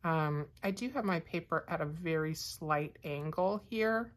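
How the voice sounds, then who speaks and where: A woman teaching a watercolor painting lesson, explaining each step calmly with frequent fillers. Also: deep voice, unhurried. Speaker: art teacher.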